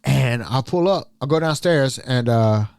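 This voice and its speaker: A man's voice: mid-range voice, measured pace, vocal fry, clear, resonant tone, no echo, clean studio sound. A man from Ohio hosting a podcast, telling old stories in a casual, chatty way with frequent laughs. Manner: animated, laughing often, chatty. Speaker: podcast host. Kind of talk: casual storytelling.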